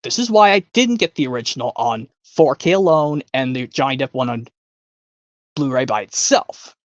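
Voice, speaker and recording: A chatty streamer rambles between impressions, thinking aloud with little hums and false starts. The pitch bounces around a lot. The sound is dry and a bit dull, like a lo-fi home mic. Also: expressive, moderate pace, no room sound. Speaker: streamer hosting an impressions game. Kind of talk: casual rambling stream chat.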